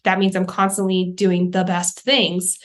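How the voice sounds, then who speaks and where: A woman's voice: on the low side, flat delivery, measured pace. A young adult woman hosting her own podcast, talking casually and candidly, often acting out her own thoughts as quoted asides. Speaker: podcast host, life coach. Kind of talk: casual solo podcast talk.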